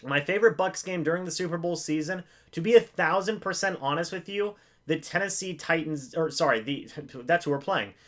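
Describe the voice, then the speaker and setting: A man's voice: fairly high pitch, brisk, few pauses. A man hosting a live game reaction stream. He calls the plays himself, pleads with the players, and jokes his way through the loss. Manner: excitable, pleading with players, self-mocking humor.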